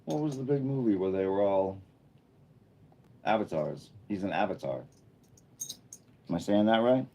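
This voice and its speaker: A man with a low voice and a dark, mellow tone hosts a casual live stream. He chats loosely and thinks out loud as he reads and answers his viewers' comments. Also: expressive, moderate pace, long pauses. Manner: chatty, thinking aloud while reading viewer chat. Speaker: livestreamer. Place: indoor room under a bright studio light.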